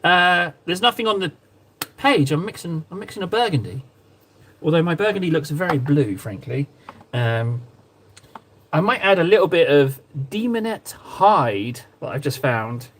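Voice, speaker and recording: A man's voice: a little high, lively intonation, moderate pace, fairly bright tone, slight background noise. A man live-streaming as he paints miniatures, chatting playfully and rambling to his viewers. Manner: playful, rambling, talks to chat while painting. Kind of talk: casual live-stream chat.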